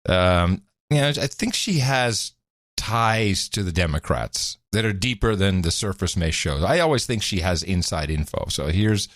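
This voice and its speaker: Lively man, dry mic. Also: low-pitched, no echo. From Europe. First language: Dutch. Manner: animated, chuckling, quick to joke. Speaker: podcast host. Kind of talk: casual talk.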